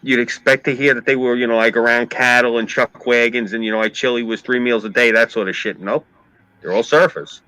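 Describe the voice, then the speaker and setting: A man's voice: mid-range voice, brisk, clear, resonant tone, dry recording, poor audio. A man with a New York accent, ranting and swearing in casual chat as a stream host. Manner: ranting, profane, animated storytelling.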